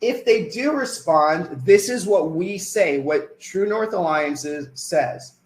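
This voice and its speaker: A man runs a sales presentation for a live online audience, often checking in with questions and then answering them himself. His voice sits a little high for a man, and the sound carries a noticeable room echo. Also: expressive, slow.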